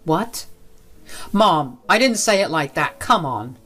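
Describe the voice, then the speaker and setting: A woman's voice: on the low side, big pitch swings, slow pace, a bit bright, soft background music, heavily acted. Evasive husband, defensive and brushing things off, read by a woman narrator.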